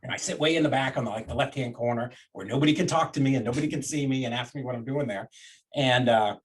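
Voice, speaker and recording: A man's voice: mid-range voice, fast. A man, a real estate investor, telling a personal story in a casual interview, acting out the voices of the people in it. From Florida, USA. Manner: animated storyteller, acts out quoted voices, many restarts.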